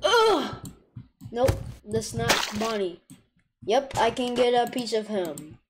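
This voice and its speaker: A woman giving live gameplay commentary, excitable, with frequent loud outbursts and groans. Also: fairly high pitch, a little slow, background noise.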